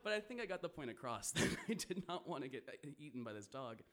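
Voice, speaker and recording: A man's voice: a little high, very animated, fast talker, fairly bright tone. A man telling a vivid first-person story to an audience, swearing and laughing now and then.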